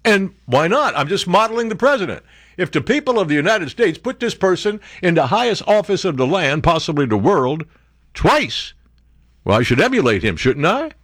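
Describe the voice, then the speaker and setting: A man's voice: high voice, big pitch swings, moderate pace, fairly bright tone, dry recording, clean studio sound. A man hosting a talk radio show, ranting sarcastically and mocking others with impressions.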